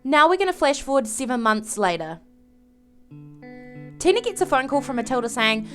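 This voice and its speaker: A woman narrating a life-sim game story with animated, dramatic flair. Her voice is fairly high. Soft guitar music plays faintly in the background. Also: moderate pace, pauses often. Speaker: game video creator. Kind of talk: story narration over gameplay.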